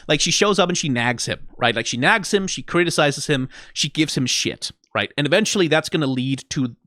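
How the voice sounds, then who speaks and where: A man's voice: fairly high pitch, expressive, brisk, hardly any pauses, sharp tone, no room sound, studio quality. A man hosting a reaction video, talking casually and animatedly, acting out characters' lines mockingly and swearing freely. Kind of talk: casual commentary.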